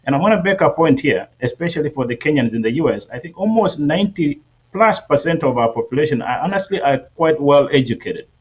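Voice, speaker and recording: A man hosting and moderating a panel broadcast, steady and inviting, with some filler words. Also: a little high, fast, breathy edge. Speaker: host. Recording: dull lo-fi audio.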